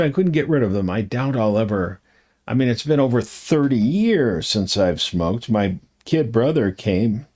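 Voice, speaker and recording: A man's voice: on the low side, a little mellow. An older man talking to his camera at home in a chatty, meandering, self-deprecating way, with chuckling asides. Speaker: vlogger. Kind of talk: rambling casual monologue.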